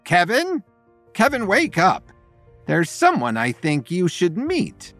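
A man voicing a brisk, exasperated woman who calls out sharply. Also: huge pitch swings, faint music behind, heavily acted. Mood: urgent. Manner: sharp and high.

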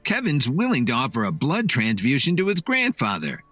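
A man voicing an angry relative who argues and yells in a storybook reading. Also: medium pitch, huge pitch swings, normal speed, dry recording, soft background music, pitched above the performer's own voice, full character voice. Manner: arguing, yelling. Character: angry resentful male relative.

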